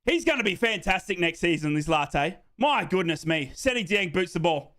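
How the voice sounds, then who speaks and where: A man hosting a live football watchalong, calling the match as a fan, reading out viewers' names and bursting into shouted celebrations. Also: high voice, lively intonation, moderate pace. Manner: reads out viewers' names and answers them.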